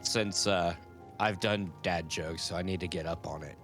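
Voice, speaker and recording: A man co-hosting a live stream in casual chat, a little congested and raspy from a cold, easygoing and joking. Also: low voice, fairly even intonation, normal speed, fairly bright tone, faint music behind. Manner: easygoing, playful, tells dad jokes. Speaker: co-host of a live-streamed tavern show.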